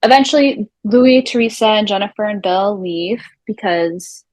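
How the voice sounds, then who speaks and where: A young woman recaps reality TV in a loose, animated chat, swearing freely and slipping into the voices of the people she describes. Her voice sits at a middling pitch. The sound is dry and close, with no room around it. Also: moderate pace, no room sound, rough recording. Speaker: recap show co-host.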